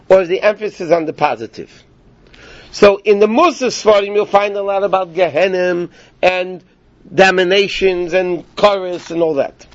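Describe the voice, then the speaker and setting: A man's voice: sits high, no echo, lo-fi sound. A man teaching an informal Torah class to a small group in the evening. He explains by asking rhetorical questions and often checks in with his listeners.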